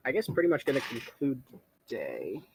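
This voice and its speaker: A young man with a husky voice narrating as game master, dry and teasing. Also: medium pitch, huge pitch swings, a little fast, a little hiss or hum. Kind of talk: narrating a tabletop game over voice chat.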